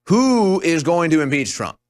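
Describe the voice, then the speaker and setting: A man's voice: a little high, sing-song, a little slow, dry recording, clean studio sound. A young man hosting a talk show, delivering a sarcastic, scornful monologue that jumps between topics.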